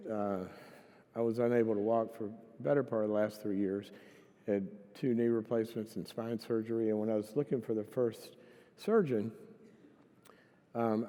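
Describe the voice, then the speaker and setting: A man's voice: lowish voice, warm tone. A man preaching a sermon in a conversational, storytelling way, acting out the voices of people in his stories. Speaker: guest speaker. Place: large church hall. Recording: long hall reverb.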